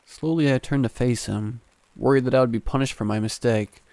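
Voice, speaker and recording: A man narrating a scripted horror story in a calm, steady first-person way. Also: medium pitch, a little fast, no echo.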